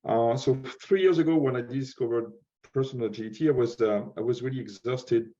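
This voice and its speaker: A man from France with a French accent, speaking English as a second language, halting and searching for words as a guest speaker. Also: medium pitch, warm tone. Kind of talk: conference talk. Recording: dull lo-fi sound.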